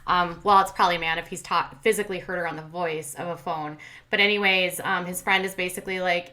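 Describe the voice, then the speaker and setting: A woman's voice: lowish voice, steady tone, quick pace, sharp tone. A woman hosting a commentary channel, casually recapping a reality show and retelling scenes in a chatty way with many fillers. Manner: chatty, lots of fillers and retold quotes.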